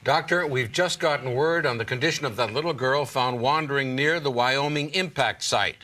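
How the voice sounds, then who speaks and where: An actor playing a male TV news anchor with smooth, authoritative hand-offs. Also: mid-range voice, normal speed, sharp tone, lightly acted. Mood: measured.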